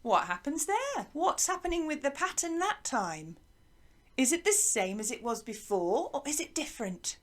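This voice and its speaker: A woman teaching a music lesson to young children, asking lots of questions in a slow, lively way. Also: high voice. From England. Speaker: primary school music teacher.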